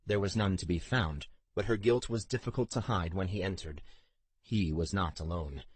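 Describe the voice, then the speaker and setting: A man narrating an audiobook in a steady, even storytelling delivery. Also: low-pitched, normal speed, slightly rough. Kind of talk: scripted narration.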